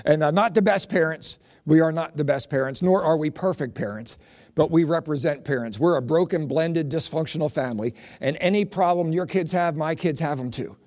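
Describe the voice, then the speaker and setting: A middle-aged man from Pennsylvania doing stand-up comedy as a comedian and preacher, telling animated stories with punchy jokes. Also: a little high, a little fast.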